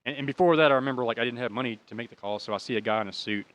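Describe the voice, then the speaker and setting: A man's voice: mid-range voice, racing, a bit bright. A young American man tells a personal story in an easy, rambling way. His speech is casual and full of swearing, with emotion running through it. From United States. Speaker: podcast host.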